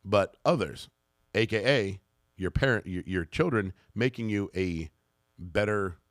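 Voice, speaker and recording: A man co-hosting a casual podcast chat, supportive and quick to agree. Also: lowish voice, dry recording, studio quality. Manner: supportive, lots of agreeing backchannel. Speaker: podcast co-host.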